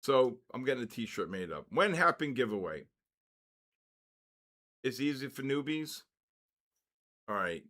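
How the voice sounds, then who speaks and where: In a casual live-stream chat, an older man runs a live trading session, calling out viewers by name in cheerful bursts. He has an expressive, medium-pitched voice, a moderate pace and long pauses.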